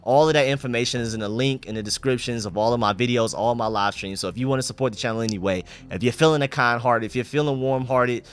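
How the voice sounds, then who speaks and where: Fast-talking man with sore throat. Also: mid-range voice, clean tone. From Atlanta, USA. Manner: emphatic, opinionated, repeats catchphrases. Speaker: sports channel host. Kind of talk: fan game review commentary.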